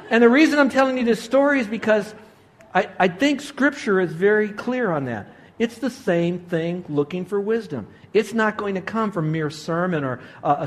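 A man in his sixties preaching a sermon, telling a story with animated delivery and acted-out quotes. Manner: animated storytelling, voices quotes with big pitch jumps. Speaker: pastor.

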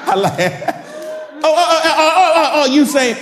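A man preaching a sermon to a congregation, calling out to them with laughing asides and building to shouted, sing-song climaxes. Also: extremely high pitch, takes it slowly, pauses often, a crowd in the background, noisy background. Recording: echoey hall from a distance.

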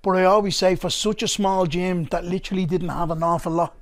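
A talkative Dublin man with a notably high-pitched voice, chatting as a podcast guest. He tells stories in rapid bursts, dropping local turns of phrase as he goes. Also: steady tone. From Ireland. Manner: chatty storyteller, rapid bursts, says "come here". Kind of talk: casual podcast chat.

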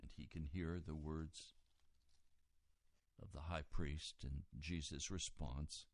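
A man preaching a sermon, retelling a scripture story and moving from quiet reading to loud, raised emphasis. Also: a bass voice, fairly even intonation, slow, dry recording.

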